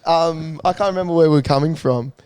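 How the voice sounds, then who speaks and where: A man's voice: fairly high pitch, fast talker, darkish tone, clear, resonant tone, no echo. A young man co-hosting a podcast in casual banter, laughing and swearing often. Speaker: podcast co-host. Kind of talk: casual chat.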